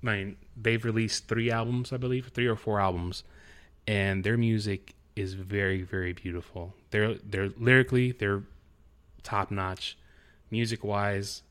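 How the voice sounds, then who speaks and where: A man's voice: on the low side, steady tone, a little slow, fairly bright tone, clean tone. A middle-aged man hosting a podcast, chatting casually and teasing his co-host. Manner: joking, teasing. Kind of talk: casual chat.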